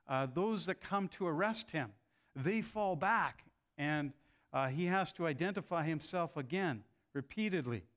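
A man preaching a sermon, speaking in a measured way with frequent "uh" pauses. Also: on the high side, a bit bright. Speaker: pastor.

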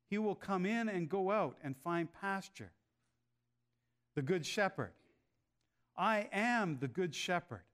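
A man preaching a sermon, speaking in a measured way with frequent "uh" pauses. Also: on the high side. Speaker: pastor.

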